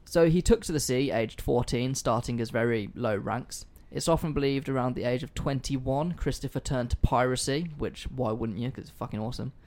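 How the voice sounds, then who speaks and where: A man's voice: mid-range voice, fairly quick, few pauses, a little mellow. A man hosting a casual history podcast, telling the story in a loose, sweary, joking way. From not American. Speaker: podcast host.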